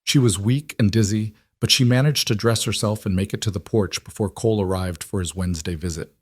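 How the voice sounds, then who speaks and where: Low-voiced man narrating a storybook. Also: a little fast, no room sound, clean studio sound.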